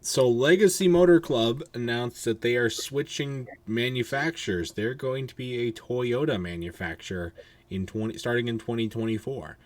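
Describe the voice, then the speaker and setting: A weary, yawning man hosts an easygoing podcast, meandering through his thoughts, swearing openly and restarting what he says. He talks at normal speed at a medium pitch.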